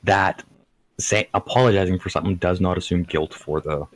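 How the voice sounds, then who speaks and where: A man calling in to a podcast, speaking in a halting way and laughing often. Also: sits low, no echo, rough recording. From Canada. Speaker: caller. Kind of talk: casual call-in chat.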